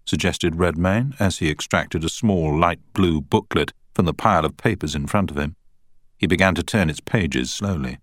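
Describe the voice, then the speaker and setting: A man narrating an audiobook with steady, scripted storytelling on a close studio mic. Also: very deep voice, moderate pace, no echo.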